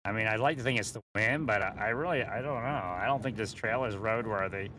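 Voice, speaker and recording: Driving along, a man with a fairly low, bright, forceful voice talks briskly in a meandering vlog monologue over slight background noise. He laughs frequently between ideas and sometimes pulls away from the mounted mic.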